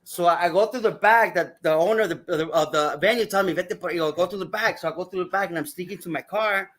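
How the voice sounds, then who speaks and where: A man, a wrestling referee guest on a podcast, telling stories in a lively, profane way and acting out other people's voices. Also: high-pitched, fast. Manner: animated, acts out voices, swears freely. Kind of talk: casual podcast storytelling.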